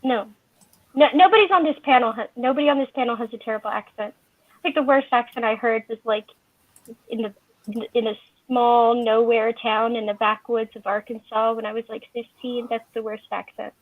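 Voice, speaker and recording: A woman chatting casually on a panel, telling stories in a lively, talkative way. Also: a little high, normal speed, no room sound. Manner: chatty, storytelling. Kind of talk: casual chat. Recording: tinny phone-like online call audio.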